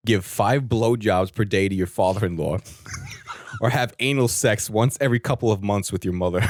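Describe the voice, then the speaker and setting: A man's voice: lowish voice, a little fast, few pauses, a little mellow, no echo. A man co-hosting a podcast, teasing his partner with crude would-you-rather questions and laughing often. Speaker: podcast co-host. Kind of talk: casual comedic banter.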